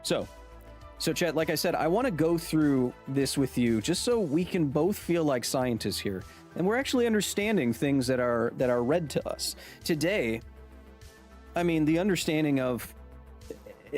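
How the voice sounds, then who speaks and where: A man's voice: fairly high pitch, darkish tone. A man hosting a science livestream, chatting casually and joking with his viewers. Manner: jokey, talks to chat, quick asides.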